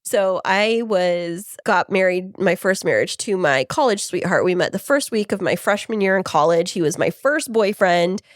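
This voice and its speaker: A woman's voice: fairly low pitch, animated, moderate pace, hardly any pauses, dry recording, studio quality. Candid woman co-host telling stories. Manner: candid, storytelling, many "like" fillers. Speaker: podcast co-host. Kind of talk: casual podcast conversation.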